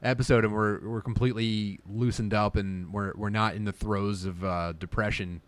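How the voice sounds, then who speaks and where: A man co-hosting a podcast, chatting casually with wry, deadpan jokes. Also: lowish voice, moderate pace. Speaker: podcast co-host.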